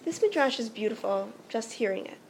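A woman's voice: fairly high pitch, animated, fairly quick, slight background noise. A woman teaching a religious text, earnest and explanatory, often checking in with "right?".

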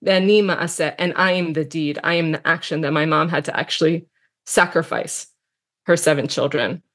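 A woman's voice: deep voice, normal speed, a bit bright. A woman teaching a text study lesson, reading passages aloud and translating them line by line, then musing on them with fillers.

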